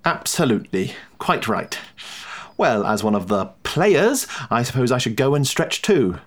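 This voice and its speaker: A man's voice: mid-range voice, big pitch swings, measured pace. A man voicing a smug, posh young lord who rambles with many hesitations.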